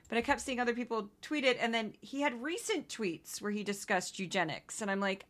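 A woman from Missouri hosting a solo news-commentary podcast, talking in an indignant, conversational way with quick asides. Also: fairly high pitch, expressive, sharp tone. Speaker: podcast host.

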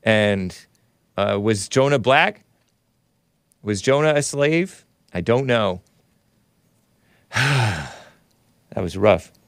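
A man's voice: fairly low pitch, expressive, takes it slowly, vocal fry, pauses often, clean tone, no echo, clean studio sound. A man hosting a live call-in stream, reading viewer messages in casual talk, often laughing, sighing and groaning in disgust. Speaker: show host reading super chats.

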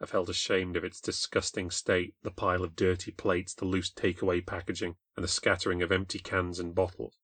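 British male narrator for a ghost story, low-pitched, dry booth sound, wry and confessional. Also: flat delivery, fairly quick, few pauses, fairly bright tone, slightly rough, dry recording. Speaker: podcast host and narrator. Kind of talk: scripted first-person storytelling.

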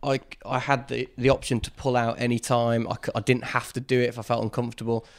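A man, a guest in a casual interview, telling a story with lively quoted voices. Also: mid-range voice, fast.

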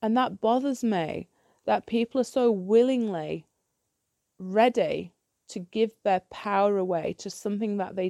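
A woman's voice: on the high side, warm tone, no echo, clean studio sound. A woman ranting bluntly in a solo podcast monologue, swearing freely and restarting her sentences when heated. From United Kingdom. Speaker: podcast host.

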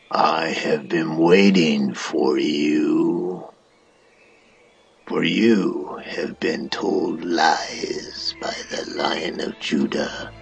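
Man putting on a whispery, gravelly serpent. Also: extremely low pitch, voice pushed down, full character voice. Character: deceptive male serpent, sly and menacing. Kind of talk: storybook narration.

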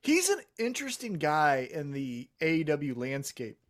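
A man co-hosting a casual wrestling podcast, talking fast and with strong opinions. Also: fairly high pitch, huge pitch swings. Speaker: podcast co-host.

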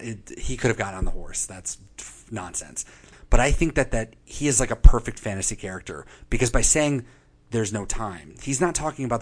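A man chatting casually and profanely as a podcast co-host, recapping a TV episode and acting out quotes in funny voices. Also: fairly low pitch. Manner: animated, profane, acts out quotes.

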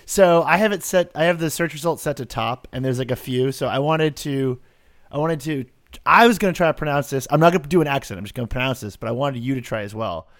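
A man's voice: mid-range voice, fast talker, dry recording, studio quality. A man hosting a podcast, chatting casually with rambling asides. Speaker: podcast host. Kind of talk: casual chat.

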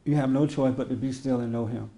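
A man's voice: mid-range voice, steady tone, quick pace, creaky, mellow. A man giving an informal sermon to a small group, telling stories in a conversational way and acting out quotes with laughter. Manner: conversational storytelling, acts out quotes, laughs often. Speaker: spiritual teacher. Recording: roomy echo.

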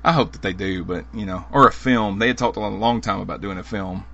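Bright-toned man hosting a casual chat. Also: fairly low pitch, quick pace, muffled recording. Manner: rambling, laughs easily. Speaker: podcast host.

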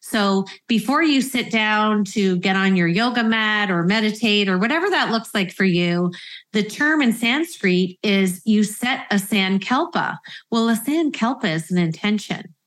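A woman in her fifties hosting a podcast, speaking earnestly and reflectively, slowing down to stress key phrases. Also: medium pitch, animated, fairly bright tone. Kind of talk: reflective conversational interview.

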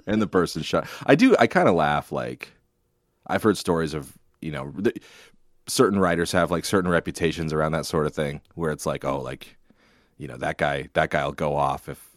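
A man co-hosting a podcast in casual chat, relaxed and wry, trailing off into laughs. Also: a bass voice, no room sound, clean studio sound. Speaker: podcast co-host, sportswriter. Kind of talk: casual sports-media chat.

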